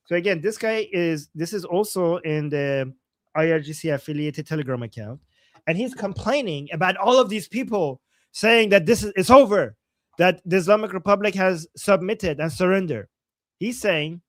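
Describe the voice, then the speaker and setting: Male host from Iran, high voice, dry close sound, emphatic live commentary. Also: brisk, no room sound. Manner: animated, emphatic, translating as he goes.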